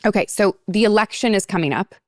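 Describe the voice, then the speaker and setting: A woman's voice: mid-range voice, animated, quick pace, no echo, clean studio sound. A woman hosting a podcast, telling a rambling story in casual chat with many fillers and restarts. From United States. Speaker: podcast host.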